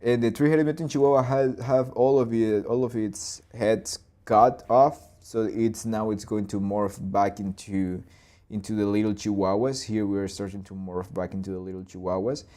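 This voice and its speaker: A man in his twenties or thirties hosting a live storyboarding session, talking loosely through his ideas, with restarts and boom and plop sound effects. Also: steady tone, normal speed, dark tone. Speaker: animator and channel host.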